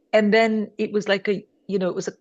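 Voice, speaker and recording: A middle-aged woman comedian telling family stories in a podcast interview, animated, slipping into her relatives' voices and swearing casually. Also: mid-range voice, highs cut off. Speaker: comedian guest.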